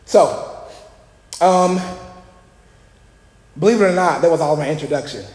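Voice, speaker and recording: A man preaching a lively sermon to a congregation, energetic and joking, often shouting out to the room. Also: a little high, unhurried. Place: church hall. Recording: echoey hall with long reverb.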